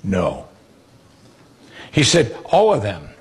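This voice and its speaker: Guy preaching, real raspy rough voice, tells the stories big and acts out the lines. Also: fairly low pitch, slow pace. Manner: animated storytelling, acting out quoted voices. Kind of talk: sermon.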